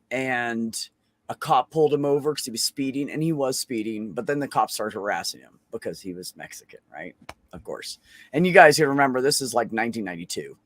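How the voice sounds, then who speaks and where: रूखी आवाज़ में गालियों भरी बातें करता आदमी. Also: male voice, mid-range voice, fairly bright tone, dry recording. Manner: swears freely, rambling with many fillers. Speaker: open mic show host. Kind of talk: casual storytelling on a video call. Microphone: computer microphone on a video call.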